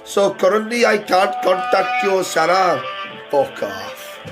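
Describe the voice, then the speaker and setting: Brief: taunting fake Indian accent put on by a man, high voice, clip with clear music behind. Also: sing-song, takes it slowly, full character voice. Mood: mocking. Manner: mocking, taunting.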